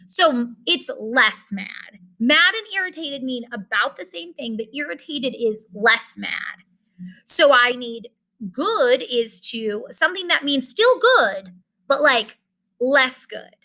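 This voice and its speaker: Woman teacher, bright and a touch high, explains patiently step by step. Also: very animated, takes it slowly, poor audio. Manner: explains step by step, talks directly to students. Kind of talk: online class lesson.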